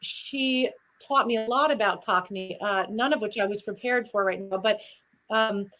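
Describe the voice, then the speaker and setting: A middle-aged woman, a guest performer, telling stories in an animated, chatty interview. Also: on the high side, low-quality recording. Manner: animated, chatty, drifts into demonstrations. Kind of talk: lively interview storytelling.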